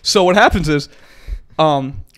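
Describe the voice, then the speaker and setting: A man's voice: a little high, measured pace, a bit bright. A young man co-hosting a casual podcast, telling a story with lots of laughing and swearing. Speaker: podcast co-host.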